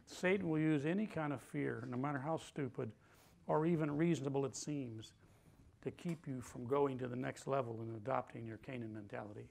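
A pastor preaching a sermon, leading the congregation in call-and-response and rising to loud, emphatic declarations. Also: male voice, medium pitch, a little fast, gravelly. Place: church hall.

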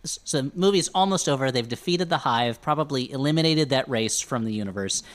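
A man's voice: mid-range voice, lively intonation, brisk. A man hosting a podcast, casually recapping a movie plot with wry asides. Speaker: podcast host.

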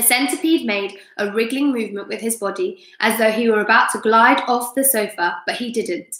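Encouraging female teacher, read-aloud storytime; slightly high, roomy sound. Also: normal speed, few pauses, a bit bright. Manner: encouraging, praising students. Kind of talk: reading a chapter book aloud to students. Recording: roomy echo.

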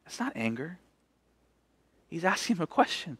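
A man preaching a sermon as pastor, expressive, moving between emphatic lines and hushed ones. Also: on the high side, normal speed, pauses often, husky, dry recording.

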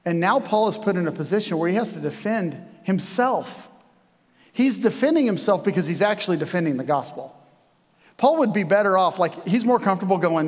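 A male pastor preaching a sermon in a loose, conversational way, tossing in jokes and asides. His voice sits fairly high for a man. The sound rings with the long reverb of a church hall. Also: lively intonation, a little fast. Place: church sanctuary.

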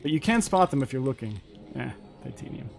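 A man's voice: medium pitch, very animated, fairly quick, vocal fry. A man casually chatting and thinking aloud while playing a survival game on stream. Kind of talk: casual let's-play chat.

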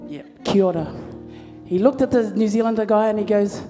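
A woman emcees a church service in a church hall, telling a joke and giving announcements with playful audience banter as a lively storyteller. Her mid-range voice moves fairly quickly, with faint music behind, hall reverb, and live church sound.

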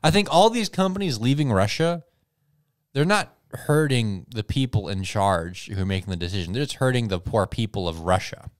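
A man's voice: fairly low pitch, normal speed, clean tone. A male podcast co-host chatting casually, with a voice that swings up and down. He jokes around and breaks into silly voices. The talk is loose and comedic. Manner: animated, jokey, slips into silly voices.

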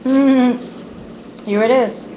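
Woman, higher voice, reads scripture and explains, phone mic, faint hiss. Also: fairly even intonation, very slow, dark tone, muffled recording. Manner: repetitive emphasis. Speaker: Bible study leader. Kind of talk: reading scripture aloud and commenting.

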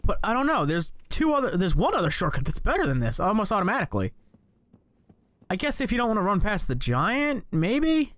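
Male let's-player, high and animated, profane and jokey. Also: brisk, dry recording. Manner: profane, jokey, talks to enemies on screen. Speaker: gaming commentator. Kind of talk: casual let's-play commentary.

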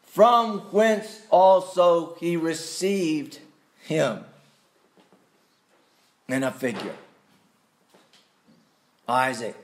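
Slow, emphatic man preaching a sermon. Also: fairly high pitch. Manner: slow and deliberate, with sudden emphatic rises. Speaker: pastor.

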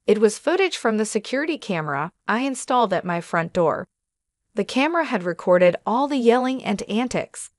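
A woman narrating a scripted first-person story with an even, steady reading. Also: medium pitch, moderate pace, no room sound, studio quality.

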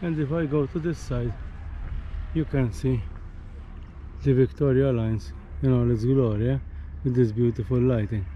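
A man's voice: mid-range voice, fairly even intonation, moderate pace, highs cut off, a little hiss or hum. Chatty Maltese man hiking outdoors. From Malta. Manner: chatty, ends phrases with "eh?". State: tired, at times out of breath. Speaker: hiker vlogger. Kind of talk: casual walking vlog commentary.

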